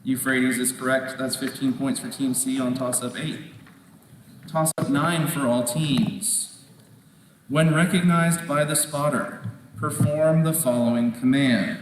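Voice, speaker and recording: A man's voice: mid-range voice, fairly even intonation. Quiz moderator man in an echoey hall. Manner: measured, repeats questions and rules on answers. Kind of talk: reading quiz questions aloud. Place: large indoor competition hall. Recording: echoey hall from far off, faint noise.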